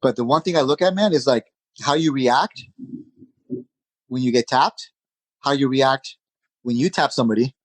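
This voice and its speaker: A man of middle pitch speaks as a podcast guest, easy and energetic, throwing in "you know" and "man" as he goes. The sound is close and dry, with almost no room around the voice. He talks like a coach passing on lessons to his students. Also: moderate pace, pauses often, no room sound, low-quality recording. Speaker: jiu-jitsu instructor, podcast guest. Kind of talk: casual interview chat.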